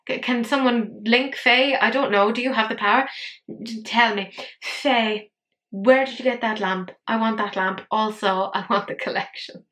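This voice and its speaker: Bright-voiced woman ranting about makeup. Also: on the high side. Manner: swearing, exasperated, self-mocking. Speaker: makeup commentary host. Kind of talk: casual ranting commentary. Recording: echoey room.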